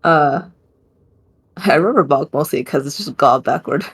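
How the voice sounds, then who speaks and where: During a tabletop game, a woman with a low, slightly rough voice describes what her character does at a normal speed. She rambles and laughs in asides.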